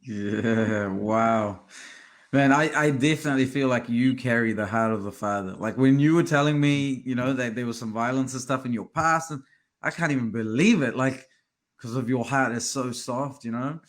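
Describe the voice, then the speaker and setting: A man's voice: mid-range voice, normal speed. Affirming male podcast host. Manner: affirming listener, short interjections. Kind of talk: interview.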